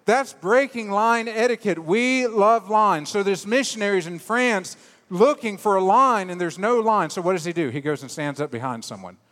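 A man preaching a sermon in a church, animated and joking, then dropping to quiet, low emphasis. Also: normal speed, long reverb tail. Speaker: pastor. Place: church sanctuary.

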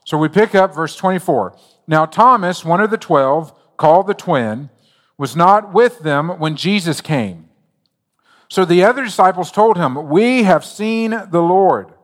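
A man's voice: on the high side, expressive, a little slow, in a large hall. A man preaching a sermon as a pastor, telling stories in a conversational, joking way.

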